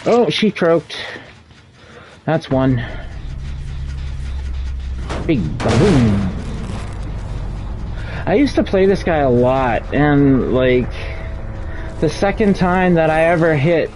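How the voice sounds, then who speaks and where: Over music, a streamer plays the killer and gives live commentary on the gameplay, playfully teasing the players he's hunting. His mid-range voice is expressive and unhurried, with long pauses.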